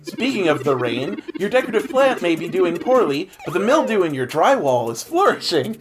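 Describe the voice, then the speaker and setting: A man co-hosting a casual let's play, reading game dialogue in a measured, polite way and laughing often. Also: high voice, big pitch swings, over music. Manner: reads robot companion lines in a measured, polite way, laughs often.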